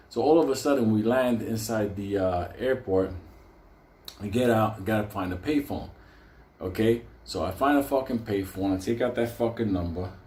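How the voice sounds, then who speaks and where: Profane older New storyteller, roomy echo. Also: male voice, lowish voice. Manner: profane, animated, acts out quotes. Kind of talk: casual spoken storytelling.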